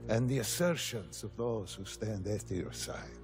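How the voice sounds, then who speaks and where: Stern mafia initiator. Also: male voice, on the low side, unhurried, music in the background. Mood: grave. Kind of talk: game cinematic acting.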